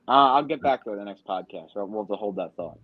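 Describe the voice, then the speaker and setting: A low-pitched man co-hosts a casual sports podcast, rambling along with plenty of ums. His voice is close and dry, with a slightly dull, muffled sound. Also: animated, fast talker, dry recording. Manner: conversational, frequent ums, trails off. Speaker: podcast co-host.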